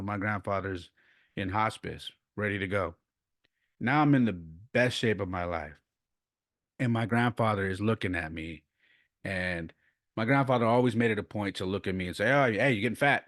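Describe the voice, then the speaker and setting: A man in his forties, a podcast host, telling personal stories in a casual, animated way and going quiet and subdued in the heavier parts. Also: lowish voice, moderate pace, dry recording, studio quality. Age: 40s. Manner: animated storyteller who acts out quoted voices; turns quiet and subdued when speaking of loss.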